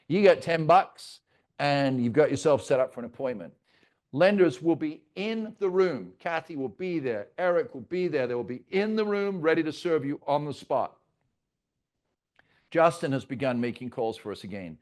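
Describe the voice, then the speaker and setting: A man's voice: a little high, darkish tone. An older man leading a real estate team training, talking with energy and joking asides, sometimes mimicking his agents' grumbles.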